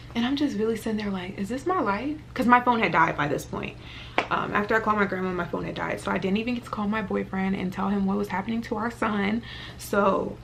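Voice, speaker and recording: A young woman in her twenties tells a story to camera, chatty and animated, with plenty of fillers and a gravelly fry in her voice. A faint hiss of noise sits under the recording. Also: mid-range voice. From Virginia, US. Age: 20s. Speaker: vlogger. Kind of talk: casual storytime.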